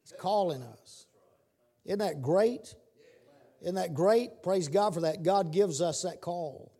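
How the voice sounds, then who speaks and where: A man preaching a sermon, repeating his words and building to shouted calls. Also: sits high, slow, slightly rough.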